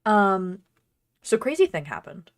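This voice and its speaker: A woman's voice: medium pitch, sing-song, a little slow. A woman cosplayer chatting casually while she crafts, bubbly, rambling and self-deprecating. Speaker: cosplayer and streamer.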